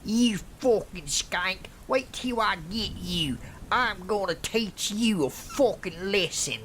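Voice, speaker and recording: A man voicing a drunk, aggressive young man who taunts and shouts abuse. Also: fairly high pitch, lively intonation, takes it slowly, slight background noise, voice pushed up. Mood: raging.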